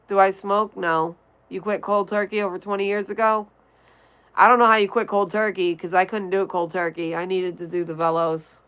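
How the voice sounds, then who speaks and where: A woman's voice: mid-range voice, level tone, moderate pace, fairly bright tone, clear, resonant tone, rough recording. A young woman from Connecticut hosting a casual livestream, chatting and greeting viewers by name as she reads the chat. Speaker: livestream host.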